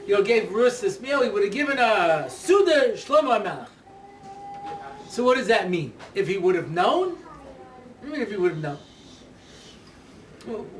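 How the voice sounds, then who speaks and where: A man giving a humorous talk as a rabbi, telling stories in an animated way with many "you know"s. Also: high voice, slight background noise. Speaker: rabbi, speaker. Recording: roomy hall recording from a distance.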